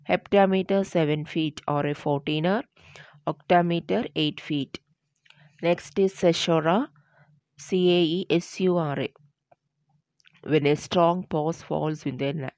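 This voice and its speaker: A woman with a low, deep voice gives a lecture, reading her material aloud at a steady, deliberate pace. She stumbles and restarts now and then. The sound is dry and close, with no room echo. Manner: steady, deliberate delivery with small slips and restarts. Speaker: teacher. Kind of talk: lecture on poetic meter, reading from notes.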